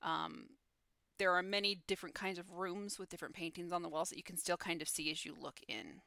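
A woman narrating a tabletop game as game master, with animated descriptive delivery over an online call. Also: lowish voice, fairly quick, creaky, no echo.

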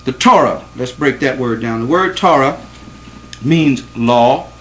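A man's voice: medium pitch, lively intonation, measured pace, slight background noise, poor audio. A man giving a classroom lecture to a live audience, speaking with emphasis, quizzing the listeners and repeating points to stress them.

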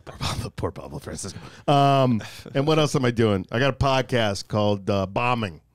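A man's voice: mid-range voice, lively intonation, normal speed, dry recording, clean studio sound. A man from Florida, a comedian appearing as a podcast guest, riffing playfully and plugging his projects. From Florida, United States. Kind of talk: casual chat.

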